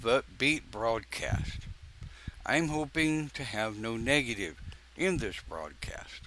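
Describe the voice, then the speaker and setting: Older male minister, croaky but bright, slow unhurried delivery, faint noise behind. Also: mid-range voice, animated. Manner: folksy, joking asides, drawn-out pauses. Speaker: pagan minister. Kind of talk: informal live-stream sermon.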